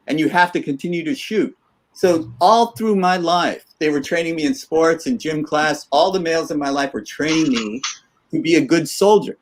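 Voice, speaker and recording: A middle-aged man co-hosting a podcast, talking in an earnest, reflective way. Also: on the high side. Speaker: podcast co-host. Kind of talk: casual podcast talk.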